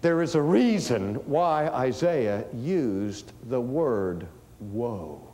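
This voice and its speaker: A man preaching a sermon in a slow, deliberate way, building to raised emphasis. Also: medium pitch, sing-song, dark tone. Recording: long hall reverb.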